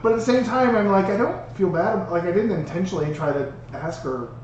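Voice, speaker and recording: A man co-hosting a podcast, telling an embarrassing story in an animated way and laughing through it. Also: high-pitched, fairly quick, dull audio. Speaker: podcast co-host. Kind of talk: casual storytelling chat. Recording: roomy, distant mic with background noise.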